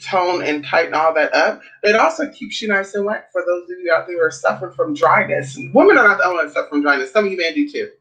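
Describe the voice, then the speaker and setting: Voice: medium pitch, fast talker, hardly any pauses, bright, forceful tone, low-quality recording. A vlogger talking in a sassy, blunt, casual way, swearing often and calling listeners honey and girl. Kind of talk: casual chat vlog.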